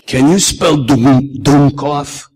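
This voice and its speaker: Man voicing a raspy old grandfather. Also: slow pace, a little mellow, low-quality recording. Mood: teasing. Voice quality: low and raspy. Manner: teasing, lecturing. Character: old grandfather, low raspy voice, proud music lover.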